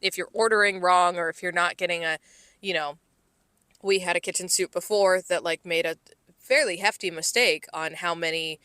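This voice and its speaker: A woman co-hosting a casual podcast, telling workplace and home stories in a loose, meandering way full of filler words. Her voice is bright and forceful, set close and dry against the mic. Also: lowish voice, fairly even intonation, moderate pace, dry recording. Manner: rambling storyteller, heavy "like" fillers, laughs often. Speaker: podcast co-host. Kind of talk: casual chat.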